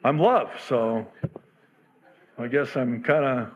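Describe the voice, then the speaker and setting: A man's voice: on the high side, animated, measured pace, a bit bright. A male pastor preaching a sermon in a candid, self-deprecating, humorous way.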